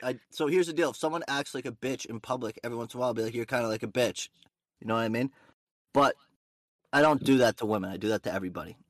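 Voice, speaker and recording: A man's voice: mid-range voice, very fast, fairly bright tone, no room sound, studio quality. A young man hosting a podcast, chatting in a brash, teasing way and swearing freely. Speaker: podcast host. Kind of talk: casual chat.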